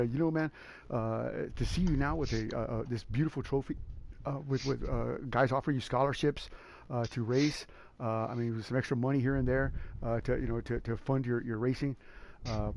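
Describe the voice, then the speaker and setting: A man hosting a sim racing league stream, chatting casually and excitably in a rambling way, calling everyone man and dude. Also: medium pitch. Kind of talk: casual live-stream race commentary.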